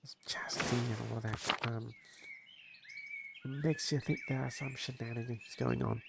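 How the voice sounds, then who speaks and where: A man's voice: mid-range voice, steady tone, moderate pace, creaky, heavy background noise. A man streaming a story game, reading along and making joking, rambling asides full of fillers. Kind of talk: casual game commentary.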